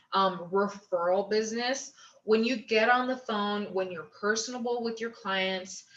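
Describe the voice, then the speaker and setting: A woman coaching fellow travel agents in a casual, chatty way, upbeat and quick to act out little dialogues with clients. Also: medium pitch, a bit bright. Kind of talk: casual advice talk. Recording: roomy, slightly dull sound.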